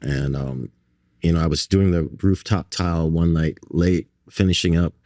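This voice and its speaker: A man from New York and Barbados tells his stories in a very low voice. He jumps into other people's voices as he goes, stumbling and restarting along the way. The sound is dry and close, with no room around it. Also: normal speed, darkish tone, no room sound. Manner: frequent restarts and fillers. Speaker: guest artist. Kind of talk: conversational storytelling.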